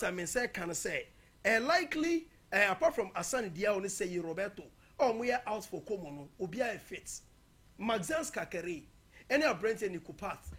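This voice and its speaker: A man's voice: high voice, fairly bright tone, breathy edge. A man previewing football matches in a casual, emphatic way, slipping local-language phrases into his talk. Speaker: football pundit.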